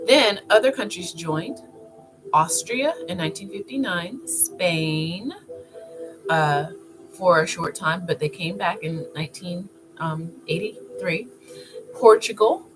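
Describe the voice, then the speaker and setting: A woman vlogger talking casually to camera in a chatty, animated way, often laughing. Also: fairly low pitch. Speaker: wellness vlogger. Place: indoor filming setup with two cameras. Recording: clear music playing behind. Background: music.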